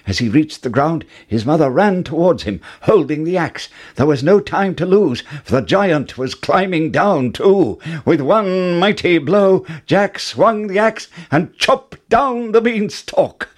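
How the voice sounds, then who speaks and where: Slow, husky male storyteller. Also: fairly high pitch. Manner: expressive, dramatic storytelling. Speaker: narrator. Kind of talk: storybook narration.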